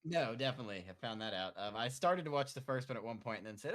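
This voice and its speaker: A man's voice: medium pitch, lively intonation, fast talker, a bit bright. A man co-hosting a casual game podcast, rambling and hesitant, with lots of ums as he recounts playing. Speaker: podcast co-host.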